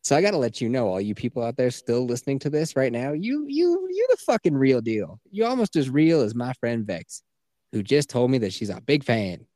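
A man hosting a casual podcast, joking crudely and talking in an animated way. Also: mid-range voice, a little fast, dry recording, clean studio sound. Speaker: podcast host. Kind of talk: casual chat.

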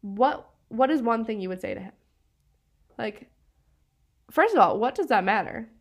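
A woman's voice: on the high side, moderate pace. Chatty woman from northeastern Pennsylvania. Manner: chatty, filler-heavy, laughs often. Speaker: podcast co-host. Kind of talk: casual true-crime podcast chat.

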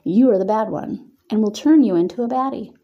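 A woman's voice: fairly high pitch, brisk, muffled recording. A woman voicing a bubbly, teasing and bossy young college woman who coos and giggles her orders, reading from a storybook. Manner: cooing, teasing, cheery.

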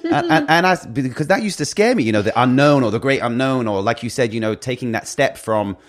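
A man's voice: medium pitch, very animated, brisk. A man hosting an interview, replying in a hesitant, rambling way with many restarts. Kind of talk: conversational interview.

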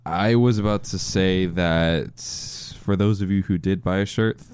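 A man's voice: sits low, fairly even intonation, moderate pace, darkish tone, a little hiss or hum. A man co-hosting a casual podcast, easygoing and thanking listeners. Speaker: podcast co-host. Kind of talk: casual chat.

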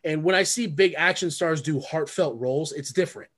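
A man's voice: fairly high pitch, brisk, a bit bright. A man co-hosting a casual movie podcast, rambling with lots of ums and restarts. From lives in Oregon. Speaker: podcast co-host. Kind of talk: casual movie review chat.

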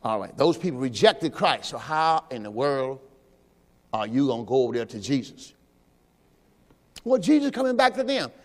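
A man's voice: mid-range voice, very animated, normal speed, pauses often. A man preaching a sermon, teaching in a loose conversational way and quizzing his congregation. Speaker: pastor. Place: church sanctuary. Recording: long hall reverb.

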